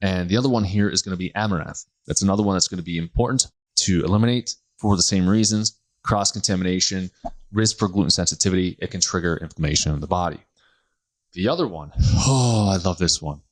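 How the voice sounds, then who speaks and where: Low-voiced male podcast host, lively and jokey, solo monologue. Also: quick pace. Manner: animated and joking, laughs often, acts out quoted people. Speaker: podcast host, health practitioner.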